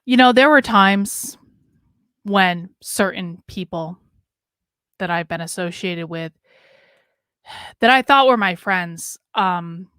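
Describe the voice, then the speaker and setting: A woman's voice: lowish voice, slow pace, long pauses, pushed and bright, clean tone, dry recording, clean studio sound. A woman commenting on a video she is watching, talking straight to her audience in a blunt, exasperated way. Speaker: commentator reacting to a documentary. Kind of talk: casual reaction commentary.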